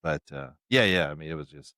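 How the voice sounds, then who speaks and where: A young man co-hosting a casual podcast chat, laid-back and halting, with lots of "uh" and restarts. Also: extremely low pitch, animated, bright, forceful tone, no room sound, clean studio sound. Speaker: fill-in co-host.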